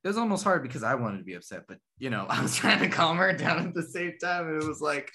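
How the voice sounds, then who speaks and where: A man's voice: a little high, lively intonation, fast, sharp tone. A man telling a story in casual chat, rambling and correcting himself, laughing at his own tale.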